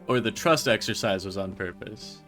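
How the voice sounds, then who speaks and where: A man's voice: on the low side, moderate pace, a bit bright, faint music behind. A man streaming a game, chatting to viewers in a rambling, self-mocking way. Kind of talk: casual live-stream chatter.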